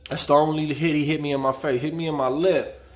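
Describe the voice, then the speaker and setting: A man's voice: a little high, fairly even intonation, fast. A man from the San Fernando Valley telling a story casually, with vivid street slang. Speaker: channel host telling a prison story.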